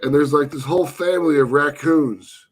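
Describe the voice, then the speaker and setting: Relaxed man rambling through a story. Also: fairly high pitch, normal speed. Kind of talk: casual storytelling chat.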